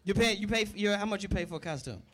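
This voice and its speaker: A man co-hosting a live comedy podcast, making absurd claims in a mock-serious, deadpan way. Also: sits high, racing, slight background noise. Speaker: podcast co-host. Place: live event on a college campus.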